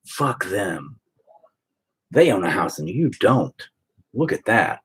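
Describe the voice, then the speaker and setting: A man's voice: sits low, big pitch swings, slow pace, a bit bright, husky. A man chatting at home while painting, rambling through a profane, opinionated rant.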